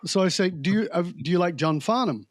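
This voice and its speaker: Podcast guest, male, high pitch, punchy and emphatic, dry close mic. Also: no echo. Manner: animated storyteller who mimics accents and voices; slows down to stress key words. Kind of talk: casual conversation.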